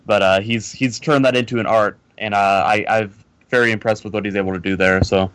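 A man's voice: on the low side, steady tone, a little fast, fairly bright tone, no room sound. A man guesting on a casual podcast, hesitant, with many fillers and repeats.

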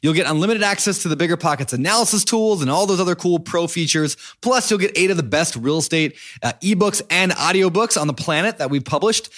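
A man's voice: high voice, a bit bright. A man hosting a podcast, reading a holiday promotion in a friendly, upbeat way. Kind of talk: casual promo read.

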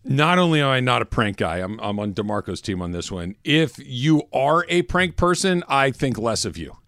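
A man hosting a sports talk show, chatting casually and telling stories with emphatic, animated delivery in a studio. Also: mid-range voice, normal speed, no room sound. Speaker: sports radio host. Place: radio studio.

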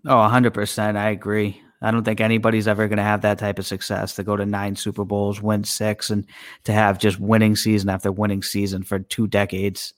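Low-voiced male podcast co-host. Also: completely flat delivery, a little fast, no echo, clean studio sound. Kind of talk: casual sports talk.

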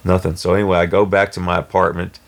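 A man telling a personal story in a rambling, halting way with many restarts. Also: low-pitched, little pitch movement. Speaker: storyteller guest. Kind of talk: casual spoken storytelling.

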